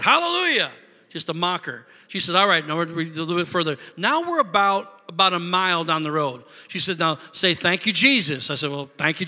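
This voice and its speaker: A man preaching a sermon, telling a story in an animated way, swinging from quiet asides to loud praise. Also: high voice, in a large hall. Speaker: pastor.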